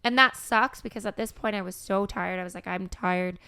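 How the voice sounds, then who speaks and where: A young woman hosting a podcast, talking candidly and emotionally, with halting restarts and some swearing. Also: medium pitch, gravelly, sharp tone, clear, resonant tone. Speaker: podcast host, grieving mother. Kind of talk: candid conversation.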